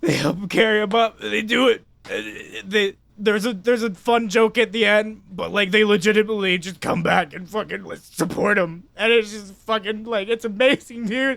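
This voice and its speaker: A loud, excitable man recaps a show for his co-hosts in casual podcast chat, swearing freely. His voice sits high. The sound is dry and close. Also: normal speed, creaky, few pauses, no echo. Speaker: podcast co-host.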